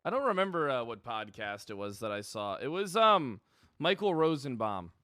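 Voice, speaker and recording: A man's voice: mid-range voice, big pitch swings, normal speed, pushed and bright, dry recording, studio quality. A young man streaming a police role-play game, chatting casually to his viewers and rambling with plenty of swearing and laughter. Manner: rambling, profane, laughs often.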